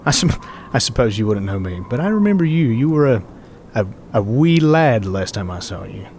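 A man's voice: medium pitch, big pitch swings, brisk, darkish tone, a little hiss or hum. A man voicing a polite but menacing older male cult agent who calls the hero "lad". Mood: amused. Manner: polite, calling others "lad".

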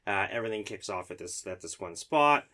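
Man, fire captain, casual storytelling, lowish pitch, bright forceful tone, lots of "like". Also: a little fast. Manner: animated, acts out dialogue, lots of "like".

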